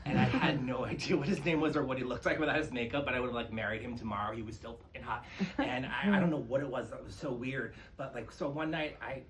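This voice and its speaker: A man doing a stand-up comedy set on a club stage, telling campy, profane stories with big swings in pitch and energy. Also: fast talker, fairly bright tone, slight background noise, low-quality recording. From New York. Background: audience laughter.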